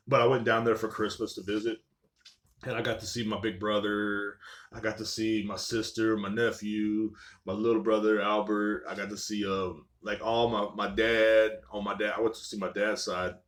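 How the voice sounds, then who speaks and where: Young male podcast host, slightly low voice; loose, profane, rambling solo storytelling. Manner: rambling, profane, filler-heavy with "like" and "you know what I'm saying".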